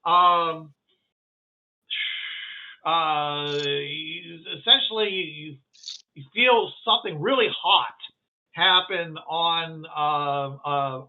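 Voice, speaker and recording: Male game master, halting delivery, slightly high voice, phone-quality audio. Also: steady tone. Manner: halting, full of restarts and fillers. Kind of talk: narrating a tabletop game. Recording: tinny phone-like line.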